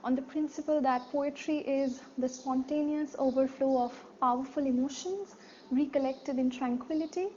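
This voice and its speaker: A woman with a high voice teaches a poetry lesson, explaining patiently and asking rhetorical questions as she goes. The recording is slightly dull, with a faint hiss underneath. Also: darkish tone. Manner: explanatory, repeats key words, asks rhetorical questions. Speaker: literature teacher.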